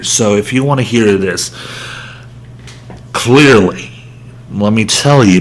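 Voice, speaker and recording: A man delivering a heated sports rant as a show host. He talks slowly and drawls his words, and he pokes fun at his own anger. A faint hum runs under the recording. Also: medium pitch. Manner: heated ranting with self-aware humor. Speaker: podcast host.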